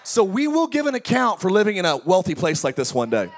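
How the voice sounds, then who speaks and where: Male pastor, high voice, energetic preaching with jokes and call-outs to the crowd. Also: a little fast. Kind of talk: sermon. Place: large tent church.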